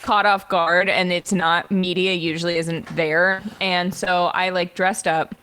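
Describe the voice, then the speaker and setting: A young adult woman co-hosting a podcast, telling a story in a casual, animated way, with lots of laughing and filler words. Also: fairly low pitch, measured pace, smooth. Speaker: podcast co-host.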